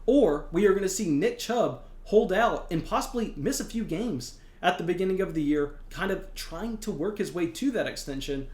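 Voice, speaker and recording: An energetic young man hosts a fantasy football show, pushing hard on his points and repeating words for emphasis. His voice sits slightly high. The room around him rings with a noticeable echo. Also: normal speed, few pauses. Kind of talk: excited sports analysis monologue.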